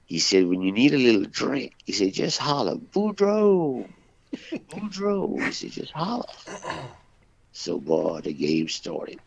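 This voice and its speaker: A man co-hosting a talk radio show, telling jokes in a folksy, drawn-out way and voicing the characters' dialogue. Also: low voice, sing-song, creaky, slight background noise. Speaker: radio co-host. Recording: dull, lo-fi dry radio recording.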